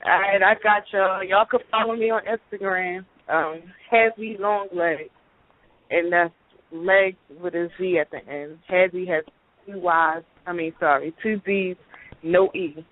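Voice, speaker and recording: A woman's voice: lowish voice, unhurried, slight background noise. Woman on a tinny phone line, Baltimore-New York accent. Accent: mixed Baltimore and New York. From Brooklyn, New York. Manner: loose, laid-back street slang with shout-outs. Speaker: battle rapper guest calling in. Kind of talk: casual phone interview. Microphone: phone call.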